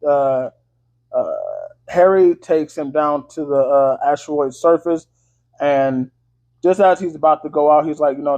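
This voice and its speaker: Male vlogger, higher pitch, casual profane movie recap, filler-heavy, muffled lo-fi sound. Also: unhurried, a little mellow. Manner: loose, slangy, full of fillers and swearing. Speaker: movie reviewer. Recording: dull lo-fi audio.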